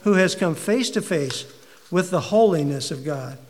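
A man preaching a sermon with a fairly high voice, pressing his points with rhetorical questions. His words ring out with a long reverb, as if in a large hall. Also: expressive, moderate pace. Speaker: pastor.

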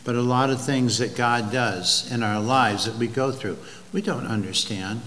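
A man preaching a sermon, telling an illustration slowly and deliberately, with pauses and restarts. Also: medium pitch, a bit bright. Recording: long hall reverb, faint ambient noise.

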